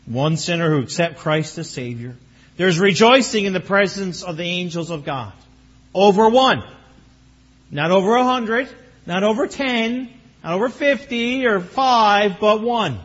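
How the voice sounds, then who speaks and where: Animated, husky-voiced male pastor preaching. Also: high voice, normal speed. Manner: animated, bursts into excited exclamations. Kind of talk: sermon. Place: church sanctuary. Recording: muffled lo-fi recording.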